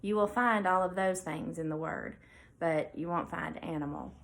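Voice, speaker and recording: A woman veterinarian hosting her own show, talking casually about faith and reading scripture aloud between thoughtful pauses. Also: on the low side, gravelly, fairly bright tone, rough recording. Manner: conversational with fillers, reads scripture aloud. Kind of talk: casual devotional talk.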